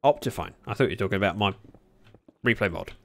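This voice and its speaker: A man chatting casually at his desk while livestreaming a game, speaking into a desk microphone, with sudden excited yelps. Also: fairly low pitch, quick pace, a little hiss or hum. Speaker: gaming livestreamer. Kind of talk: casual commentary while playing.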